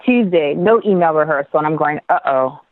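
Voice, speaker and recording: A middle-aged woman telling a story as an interview guest, lively and animated, with quick asides and restarts. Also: on the low side, dry recording. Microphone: phone. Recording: tinny dry phone line.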